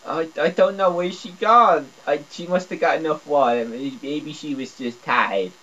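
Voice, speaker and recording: A man's voice: moderate pace, sharp tone, slight background noise. A man doing comedic gameplay commentary, stammering and repeating words in dopey broken grammar, dropping to a mumble and then jumping up to a squeal. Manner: swings between mumbling low and squealing high. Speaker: gameplay video creator. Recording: dull lo-fi recording.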